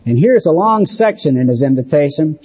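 Preaching man with a dark, husky voice. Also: on the high side, lively intonation. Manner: emphatic, slows down on key phrases. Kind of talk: sermon.

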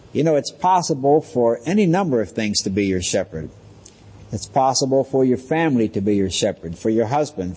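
Husky-voiced pastor teaching in a reverberant space. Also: male voice, mid-range voice. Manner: calm, measured teaching with slow, weighty quotations. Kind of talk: Bible teaching sermon.

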